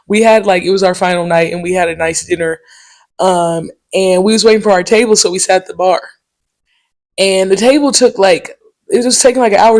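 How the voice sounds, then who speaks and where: A woman hosts her own podcast in a relaxed solo monologue. She tells stories in a loose, slangy and profane way. Her delivery is animated, with quick asides and filler words such as "um" and "okay?". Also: medium pitch. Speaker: podcast host. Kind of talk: casual solo podcast storytelling.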